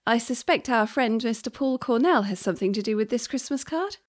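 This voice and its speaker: High, lively woman host. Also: normal speed. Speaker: podcast host. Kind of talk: scripted comic podcast.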